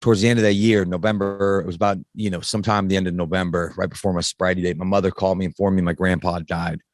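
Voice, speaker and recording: A man in his thirties speaks in a fairly low voice, recorded dry and close with no room sound. He tells a personal story casually and bluntly, with frank swearing and frequent restarts. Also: flat delivery, fast, no room sound. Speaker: podcast guest. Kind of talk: candid personal story in conversation.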